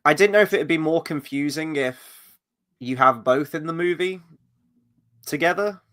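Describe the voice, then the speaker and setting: Male host for a film review podcast, slightly high voice, chatty and animated, talks loosely and conversationally. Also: moderate pace. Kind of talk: casual film discussion.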